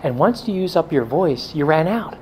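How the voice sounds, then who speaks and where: A man's voice: on the high side, animated, moderate pace, darkish tone, a little hiss or hum, low-quality recording. A middle-aged male pastor giving a blunt, joking talk to a men's group, now and then mimicking excuses in a whiny voice.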